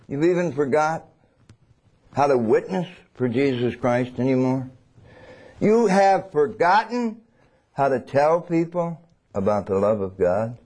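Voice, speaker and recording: A man preaches a sermon in a fairly high voice. He swings between loud and hushed, acting out little scenes as he goes.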